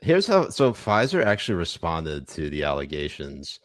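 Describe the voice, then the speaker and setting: A man's voice: low voice, wildly swooping pitch, moderate pace, no echo, studio quality. A man co-hosting a podcast in a loose, joking way, with plenty of fillers. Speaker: podcast co-host. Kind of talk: casual comedic chat.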